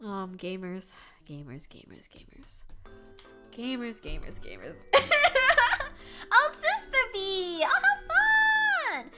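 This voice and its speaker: A young adult woman streamer chatting casually with her viewers, loud and animated, often yelling and laughing, with a sore throat. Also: sits high. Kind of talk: casual live-stream chat.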